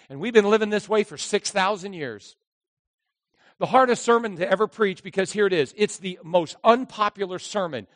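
Pastor, male, high voice, animated sermon delivery, dry close mic with a long hall tail. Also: brisk. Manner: animated, acts out voices of characters.

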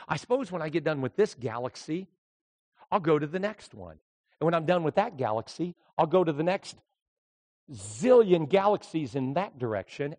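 A male pastor preaching a sermon, moving between quiet, intimate storytelling and loud, shouted exhortation. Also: on the high side, no room sound.

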